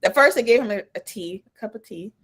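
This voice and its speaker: A woman co-hosting a podcast in casual chat, retelling scenes in an animated way. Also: mid-range voice, fast, breathy edge. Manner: animated, acts out scenes with laughing quotes. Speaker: podcast co-host.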